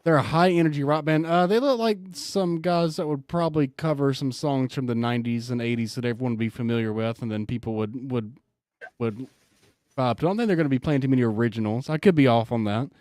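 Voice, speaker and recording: A young man co-hosting a radio show, answering in a measured, dry way and laughing easily. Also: medium pitch, darkish tone, no echo. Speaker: radio co-host. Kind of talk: casual radio chat.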